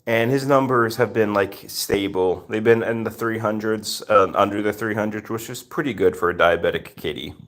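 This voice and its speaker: A man's voice: on the low side, normal speed, few pauses, a bit bright. A man hosting a casual live stream with his rescue cats, greeting viewers by name in a chatty manner with many fillers.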